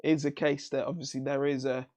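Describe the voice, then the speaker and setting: A man's voice: mid-range voice, flat delivery, quick pace, a little mellow. A man from Dorset in England, co-hosting a casual tech live stream with dry, teasing banter. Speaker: co-host.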